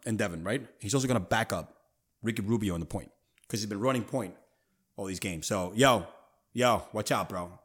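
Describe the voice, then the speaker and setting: A man's voice: fairly low pitch, husky. A man hosting a casual sports talk podcast, emphatic and full of slang. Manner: animated, emphatic, street slang. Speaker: podcast host.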